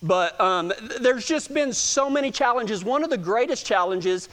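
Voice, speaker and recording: A man's voice: extremely high pitch, animated, moderate pace, a bit bright. A man with a Texan accent, talking casually to a gathering in a folksy, self-joking way and often stammering and restarting his sentences. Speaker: speaker addressing a gathering. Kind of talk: casual storytelling talk to an audience.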